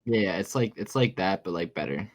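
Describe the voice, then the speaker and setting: A man hosting a podcast, chatting casually and eagerly, quick to tease his guest and ask questions. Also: deep voice, dry recording. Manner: excitable, laughs easily, teasing questions. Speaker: podcast host. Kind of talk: casual chat.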